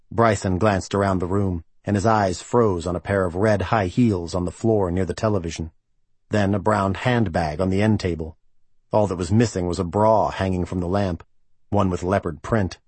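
A man narrates an audiobook in a low, husky voice. His reading is even and measured, and the recording is close and dry with no room sound. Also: dry recording. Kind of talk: scripted narration.

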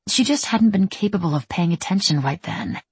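A woman narrating an audiobook in a steady, even storytelling manner. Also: lowish voice, brisk, husky, dry recording. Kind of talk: scripted narration.

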